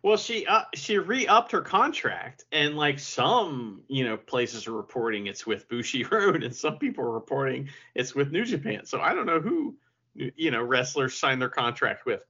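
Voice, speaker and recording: A man co-hosting a podcast in casual chat, joking and excitable, with frequent profanity. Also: fairly high pitch, normal speed, slightly rough. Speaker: podcast co-host. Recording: muffled lo-fi podcast audio.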